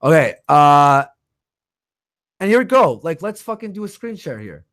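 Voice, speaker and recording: Profane, animated male livestream host. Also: on the high side, no room sound, clean studio sound. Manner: animated, profane, quick to rant. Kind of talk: casual livestream chat.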